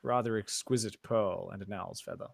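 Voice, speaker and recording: A man playing a young, excitable wizard who speaks in a stiff, polite, measured way. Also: fairly low pitch, gravelly, no echo.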